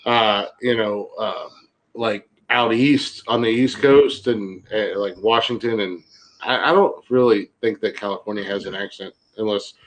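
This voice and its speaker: A man from Ohio with an Ohio accent, hosting a podcast in crude, casual banter, loud, laughing and swearing freely. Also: on the low side, a little slow, poor audio. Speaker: podcast host.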